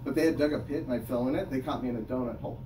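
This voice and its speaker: A man's voice: medium pitch, very fast. A man performing a crude stand-up comedy set, laughing at his own jokes between filler words. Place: small comedy room with audience. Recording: echoey room, mic at a distance, noisy. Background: audience laughter and chatter.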